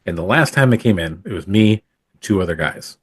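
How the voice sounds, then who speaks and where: Low, husky, and animated, this man talks briskly in a clean studio recording with no room sound. As a podcast guest, the photographer and ex-actor spins casual stories from his acting years, rambling and restarting often amid many fillers.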